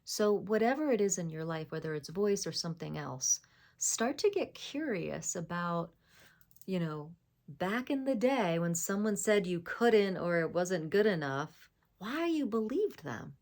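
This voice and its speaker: A woman speaking as a spiritual voice coach, gentle and affirming, sometimes dropping into a soft whisper. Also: fairly low pitch, very animated, a little slow. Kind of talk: spiritual self-help talk.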